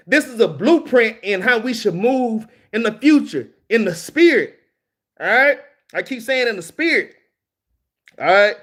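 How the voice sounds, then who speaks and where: Male preacher, Southern US accent, high-pitched, casual and punchy delivery. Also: a bit bright. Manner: casual and emphatic, peppered with "man" and "all right?". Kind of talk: street-style scripture teaching.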